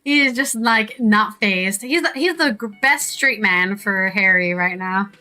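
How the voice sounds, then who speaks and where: A woman's voice: medium pitch, a little slow, bright, forceful tone, soft background music, poor audio. A woman streamer giving casual, chatty gameplay commentary and reading choices aloud.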